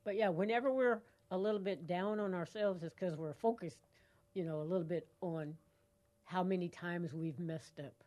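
A woman's voice: fairly low pitch, moderate pace, warm tone. A woman co-hosting a call-in radio show, bubbly and laughing often, speaking into a studio microphone. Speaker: radio co-host.

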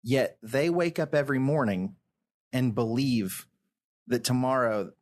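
A medium-pitched podcast co-host talks earnestly about faith in a casual discussion, speaking in quick bursts and restarting his sentences. He's indoors, seated at a wood table.

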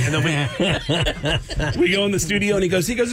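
A man's voice: on the high side, expressive, quick pace, noisy background. A man guest on a radio show, a comedian and voice actor, telling stories with energy and slipping into other people's voices. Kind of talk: animated storytelling on a radio show. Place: radio studio.

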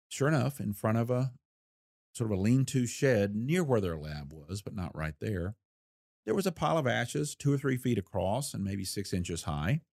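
A man's voice: fairly low pitch, a little mellow, no echo, clean studio sound. A man, a former federal investigator, telling a case story in a folksy, plain-spoken interview manner and acting out the voices he quotes.

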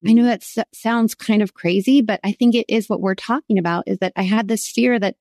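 A woman's voice: medium pitch, steady tone, fairly quick, a little mellow, dry recording, clean studio sound. A woman co-hosting a Bible study podcast, talking earnestly and confessionally. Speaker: co-host.

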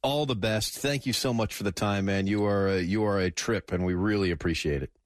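A man's voice: on the low side, brisk, dry recording, clean studio sound. A man hosting a radio golf show, chatting and chuckling with a guest. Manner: chuckling, friendly. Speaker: radio host. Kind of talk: casual chat.

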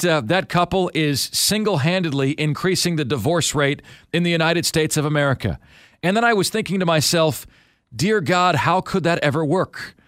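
A man's voice: fairly high pitch, a bit bright, no echo, studio quality. A man hosting a casual sports radio show, joking and rambling through stories with a light Southern accent. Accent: light Southern, radio-neutral. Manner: chatty, joking, rambling storyteller. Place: radio studio.

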